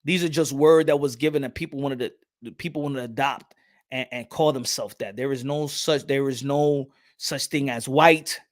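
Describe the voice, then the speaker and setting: A man's voice: medium pitch, moderate pace. A man hosting a casual podcast, talking animatedly with many repeated words and switching into Spanish phrases while acting out exchanges. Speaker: podcast host. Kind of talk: casual talk.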